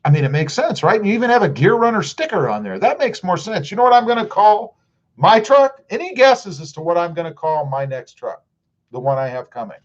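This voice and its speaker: A man's voice: high voice, expressive, a little fast, lo-fi sound. A middle-aged man with a Southern US accent, chatting casually on a livestream and reading viewer comments aloud. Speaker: livestream host.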